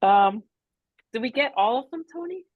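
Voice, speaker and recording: A woman's voice: on the high side, animated, normal speed, no room sound, phone-quality sound. A woman on a committee discussing budget items, conversational and thinking aloud. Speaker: committee member. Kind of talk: meeting discussion.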